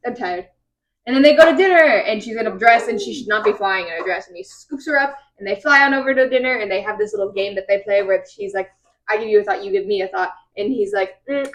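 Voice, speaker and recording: A woman's voice: medium pitch, fairly bright tone, low-quality recording. Chatty woman recapping a book. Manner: rambling retelling with quoted voices. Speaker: podcast host.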